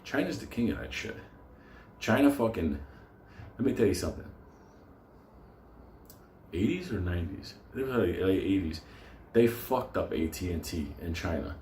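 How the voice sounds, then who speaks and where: A man's voice: deep voice, sing-song, normal speed, long pauses, a little mellow. A man hosting a stock market show, delivering a profane, fired-up unscripted rant and breaking into laughter. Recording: roomy echo with faint noise.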